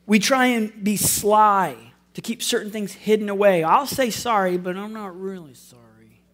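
An earnest pastor with school-age children preaches a sermon in a high, slightly slow, somewhat bright voice. He's conversational and drops wry, self-deprecating asides.

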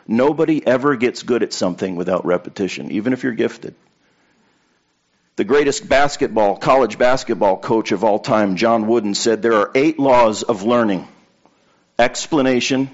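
A man's voice: fairly low pitch, normal speed, highs cut off. A man preaching a sermon to a congregation in a conversational way, telling anecdotes and repeating key points for emphasis. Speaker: pastor.

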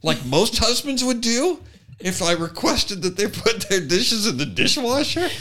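Man putting on a shrill, shocked wife. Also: big pitch swings, measured pace, pushed and bright, heavily acted. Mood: incredulous. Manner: exaggerated, over-the-top disbelief.

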